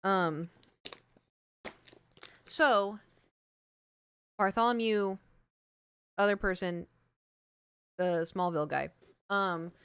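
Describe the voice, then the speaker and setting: A woman's voice: mid-range voice, very slow, pauses often, a bit bright, clean tone, no room sound. A young adult woman streaming live, chatting casually in a rambling, self-deprecating way with lots of fillers and laughs, close on a large studio mic. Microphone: large studio microphone.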